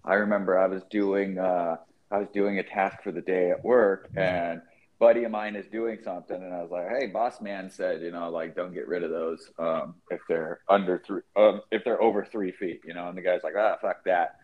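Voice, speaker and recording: A man with a low voice tells a relaxed story from work, cursing now and then. The recording sounds muffled and lo-fi. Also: fairly quick. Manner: laid-back, profane anecdotes. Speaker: podcast co-host. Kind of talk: casual storytelling.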